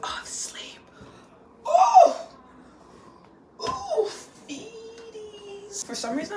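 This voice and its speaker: A young woman chatting casually in a sit-down storytime, animated and full of "like" and "y'all", talking at home. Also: on the low side, a little hiss or hum. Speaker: vlogger. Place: indoors at home, seated.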